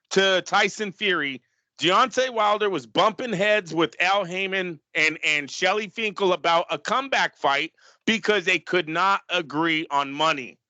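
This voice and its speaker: A man co-hosting a casual boxing podcast, talking fast and analytically with frequent restarts. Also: sits high, pushed and bright, no echo. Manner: fast analytical, restarts, argues business points.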